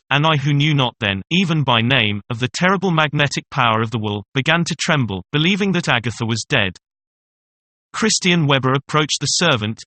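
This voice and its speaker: A man narrating an old horror story in a measured, suspenseful telling. His voice is bright and forceful at a middling pitch, recorded close on a dry mic with no room sound. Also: dry recording. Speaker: audiobook narrator.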